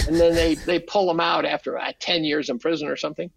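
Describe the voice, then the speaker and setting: A man's voice: on the high side, quick pace, gravelly, slight background noise, low-quality recording. An older man, a podcast guest, telling casual stories, swearing freely and acting out quotes. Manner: animated, profane, acts out quotes. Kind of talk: casual storytelling.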